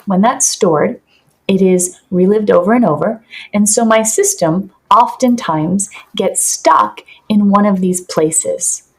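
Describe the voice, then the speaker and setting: A woman's voice: medium pitch, takes it slowly. A woman talks through ideas on a podcast in an earnest, teaching manner. Her voice sits in a middle range for a woman. She reaches for vivid everyday examples to make her points. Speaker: podcast guest, somatic practitioner. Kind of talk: explanatory podcast talk.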